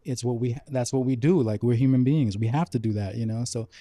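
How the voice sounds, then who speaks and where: A man's voice: mid-range voice, a little fast, mellow, no echo. Easygoing male podcast guest from New York. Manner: easygoing, many "like" fillers. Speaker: guest, film editor. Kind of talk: casual chat. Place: living room.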